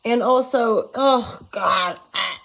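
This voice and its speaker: A woman's voice: a little high, slow pace, gravelly, a bit bright. A woman in her forties, a tarot reader, rambling playfully in a casual vlog, giggling and swearing freely. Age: 40s.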